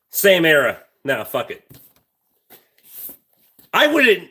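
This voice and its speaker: Foul-mouthed man with a bright voice. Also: a little high, huge pitch swings, very slow, long pauses, husky. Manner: blunt, heavily profane. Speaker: livestream host. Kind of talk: rambling casual storytelling.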